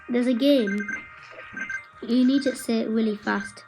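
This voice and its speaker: A woman's voice: a little high, fairly even intonation, unhurried, long pauses, music in the background, poor audio. A woman giving casual, chatty commentary while playing a video game, playful and tripping over her words. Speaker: gameplay commentator.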